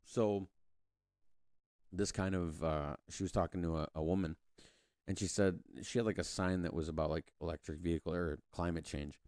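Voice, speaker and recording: A man's voice: low voice, steady tone, normal speed, a little mellow, dry recording, clean studio sound. A man hosting a podcast, rambling through a casual political monologue with frequent restarts and casual swearing. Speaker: podcast host.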